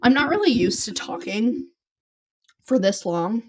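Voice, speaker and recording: A woman's voice: a little high, sing-song, a little slow. A young adult woman hosting a casual solo podcast, chatty and self-deprecating, rambling through stories with restarts, her voice a little worn from talking. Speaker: podcast host. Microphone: close podcast mic on camera.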